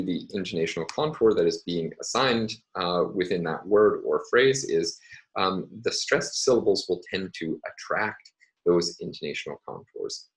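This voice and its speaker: A middle-aged man lectures to students in a very deep, low-pitched voice. He speaks in a measured, careful way, often pausing on fillers as he works through his points. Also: rough recording. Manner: measured, hesitant with frequent fillers. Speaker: university lecturer. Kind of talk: recorded university lecture.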